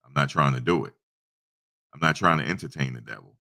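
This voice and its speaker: A man's voice: extremely low pitch, fairly quick, vocal fry, sharp tone. A man hosting a casual livestream, telling a story and talking in a conversational, repetitive way with preachy asides. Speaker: YouTube livestream host.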